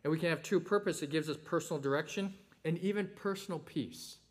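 A man's voice: on the high side, fast. A man preaching a sermon in a conversational way, with many fillers and occasional rises in emphasis.

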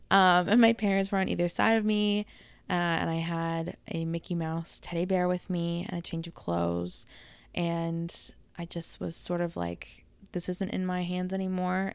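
Young woman vlogger, lower voice with vocal fry, telling a story casually and acting out the dialogue. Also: dry recording. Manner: chatty, animated retelling with quoted dialogue.

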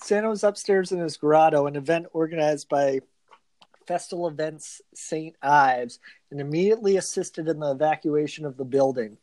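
A man's voice: a little high, moderate pace, a little mellow, no room sound. A man co-hosting a comedy podcast, reading a news article aloud and breaking into laughs along the way. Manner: reads steadily, breaking into laughter. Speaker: podcast co-host.

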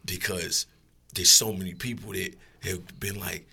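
A man's voice: low voice, steady tone, a little slow, vocal fry, pushed and bright. A man, a rapper guest, telling rambling, profane stories in a laid-back casual way. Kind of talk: casual storytelling.

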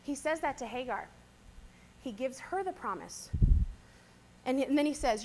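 A woman with a notably high voice gives a casual Bible teaching talk. She speaks conversationally, tossing in "kinda" and "right?" as she retells the story. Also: animated, normal speed, slight background noise. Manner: chatty, conversational, often adds "right?" and "kinda".

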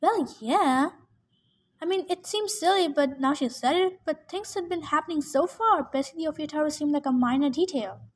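An earnest, protective teenage demigod boy from a storybook, a little defensive in his tone, as voiced by a woman. The voice rides high. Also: moderate pace, natural voice.

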